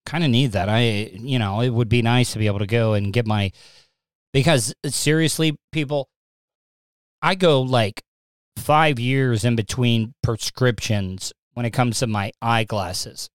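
A man's voice: mid-range voice, no echo. A man hosting his own live stream, talking casually and rambling, with stammering restarts and flashes of agitation. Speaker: live stream podcast host. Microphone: streaming setup mic.

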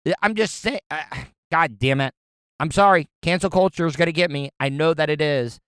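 A man's voice: on the high side, fairly quick, fairly bright tone, clear, resonant tone, no room sound, clean studio sound. A young man ranting casually with lots of profanity, often stumbling and repeating words as he reacts to news clips. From Florida, US.

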